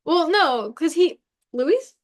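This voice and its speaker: A young woman co-hosting a casual podcast, telling stories in an animated way with quick asides and laughs. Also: very high voice. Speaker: podcast co-host. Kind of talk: casual chat.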